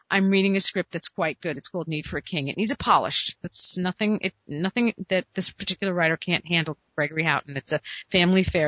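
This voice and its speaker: A woman giving screenwriting advice to viewers, animated and emphatic, asking herself rhetorical questions. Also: fairly low pitch, dry recording. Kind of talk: energetic advice monologue to viewers. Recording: dull, dry, lo-fi recording.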